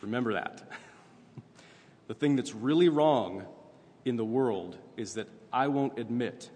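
A man's voice: mid-range voice, a little slow, a little mellow, slightly rough. A man preaching a sermon in a conversational way, often checking in with "right?" as he goes. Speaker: pastor. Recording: long reverb, faint ambient noise.

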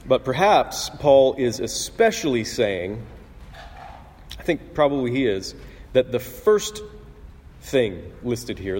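A man preaching a sermon in an earnest, conversational way, often clearing his throat and restarting phrases. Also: medium pitch, a little mellow. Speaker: pastor. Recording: husky voice in a long-reverb hall.

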